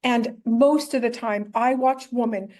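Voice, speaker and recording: A middle-aged woman speaking as an interview guest, earnest and openly emotional. Her voice sits a bit high, and she keeps turning her points into rhetorical questions. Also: steady tone, measured pace, a little mellow. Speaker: podcast guest, entrepreneur. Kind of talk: candid interview answers.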